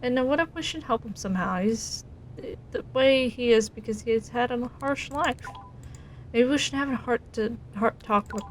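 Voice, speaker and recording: Woman reading a gentle young boy hero. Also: fairly high pitch, normal speed, slight background noise, close to an everyday voice, low-quality recording. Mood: earnest. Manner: gentle, earnest.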